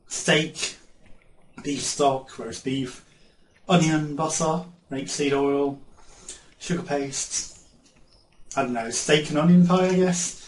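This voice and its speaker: A rambling, chatty man with a slightly high voice talks through his shopping haul, laughing often and chewing as he talks. The room is echoey, with a faint hiss behind him. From England. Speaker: vlogger. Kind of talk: casual haul video chat.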